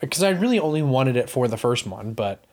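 A man co-hosting a casual podcast about movies, rambling and animated, swearing now and then. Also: medium pitch, quick pace. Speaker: podcast co-host.

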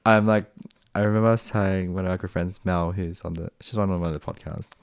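Man, Australian accent, young adult, deep voice, animated anecdotes, dry sound. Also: quick pace, creaky, clean tone, no room sound. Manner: animated storyteller, acts out quoted voices. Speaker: podcast co-host. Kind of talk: casual chat.

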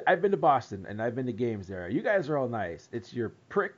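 A man co-hosting a casual podcast chat, animated, laughing and swearing freely. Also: medium pitch, fairly quick, muffled recording. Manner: animated, profane, laughs often. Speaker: podcast co-host.

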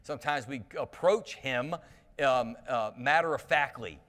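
A man's voice: medium pitch, unhurried, fairly bright tone. Folksy man preaching in a reverberant hall. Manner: folksy, conversational, frequent restarts. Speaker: pastor. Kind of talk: sermon with scripture reading.

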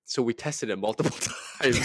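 Lively young man, crude joking. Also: medium pitch, a little hiss or hum. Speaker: podcast co-host. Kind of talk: casual chat.

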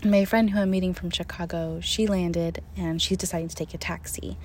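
A young woman telling a travel story in a casual, animated way, often laughing and acting out what people said. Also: lowish voice, a little fast, a little hiss or hum. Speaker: storyteller recounting a trip.

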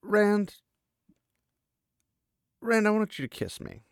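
Man putting on a young noblewoman voice, nervous, earnest, breathy, pitched up high. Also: very animated, slow pace, dry recording, clean studio sound, exaggerated voice. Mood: eager.

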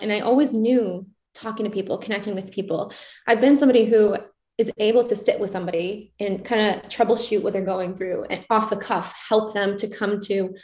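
A candid young woman talks as an interview guest at a middle pitch. She acts out her own inner questions in a lively way. Her voice carries the echo of a roomy space. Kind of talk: casual reflective interview talk. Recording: roomy echoey sound.

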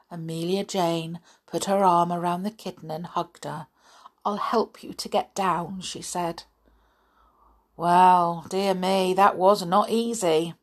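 A woman reading a children's story aloud in an expressive, dramatic manner. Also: on the low side.

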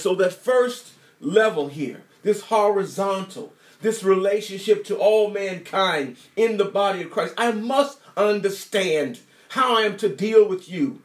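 A man preaching a sermon in an emphatic, repetitive style, asking the congregation rhetorical questions. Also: high-pitched. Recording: echoey room.

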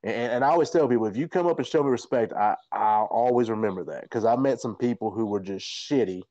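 A man's voice: lowish voice, fast talker, lo-fi sound. A man, a podcast host and fighter, telling a rambling, profane story in a casual chat. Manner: animated, profane, rambling anecdotes.

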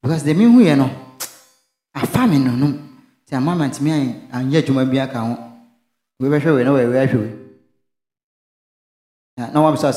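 Pastor preaching call-and-response. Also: male voice, mid-range voice, lively intonation, normal speed, pauses often, warm tone, roomy sound, soft background music. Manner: asks questions for the congregation to finish, mixes in local language.

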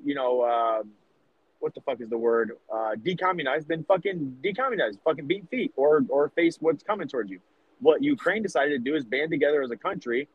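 A man's voice: fairly high pitch, breathy edge, no echo, highs cut off. A man in his thirties from the United States co-hosting a podcast, rambling and cursing as he argues his point. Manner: profane, rambling, emphatic. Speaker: podcast co-host. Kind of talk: casual podcast debate.

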